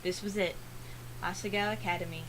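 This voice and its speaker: A woman reading a visual novel aloud for a let's play, earnest, with dramatic pauses. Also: lowish voice, fairly even intonation, noisy background.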